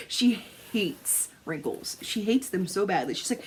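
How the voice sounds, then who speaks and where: Animated, laughing woman vlogger. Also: mid-range voice, brisk, slight background noise. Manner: animated storytelling, swearing, laughing, acting out quotes. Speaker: crafting vlogger. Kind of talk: casual chat to camera.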